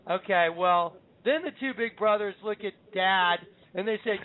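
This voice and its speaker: A man's voice: high voice, normal speed, hardly any pauses. A man hosting a show, teaching scripture as an emphatic storyteller who acts out the quotes. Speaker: show host. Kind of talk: Bible teaching on a call-in show. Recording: phone-line audio.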